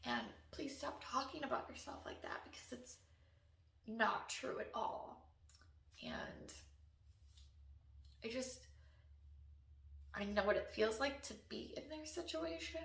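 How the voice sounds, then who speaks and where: Woman coach talking from the heart, gravelly voice, roomy echo, bit far off mic. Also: fairly high pitch, animated, measured pace, pauses often, fairly bright tone. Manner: earnest, encouraging, emotional at times. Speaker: wellness coach. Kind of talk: unscripted heartfelt talk to camera.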